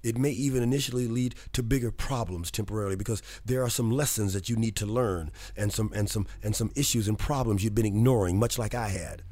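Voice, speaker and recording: Man, radio talk host, chatty, excitable, warm dark tone, dry close mic. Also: on the low side, fast talker, hardly any pauses, dry recording. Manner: chatty, excitable, laughs often. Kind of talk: casual radio talk and monologue.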